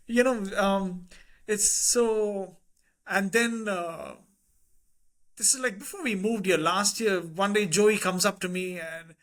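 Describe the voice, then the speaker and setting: Animated Indian-English man telling stories. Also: high voice, moderate pace. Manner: animated anecdotes with quoted voices and laughter. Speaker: podcast guest. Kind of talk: casual conversational storytelling.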